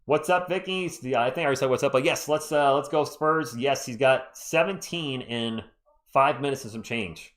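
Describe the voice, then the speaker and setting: A man hosting a live fan play-by-play stream, chatty and excitable, reading and answering viewer chat as he calls the game. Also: medium pitch, normal speed. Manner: excitable, voice jumps up when thrilled.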